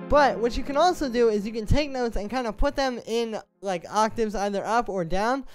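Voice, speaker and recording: A man, a music producer, explaining melody writing in a relaxed, conversational tutorial, stepping through his points one by one. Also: extremely high pitch. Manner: conversational, explains step by step while playing examples. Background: synth music playing.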